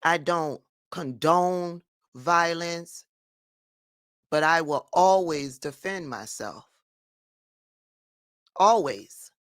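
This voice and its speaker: A woman's voice: sits low, slow, clear, resonant tone, no echo, clean studio sound. A woman giving firm, emphatic political commentary in a vlog monologue.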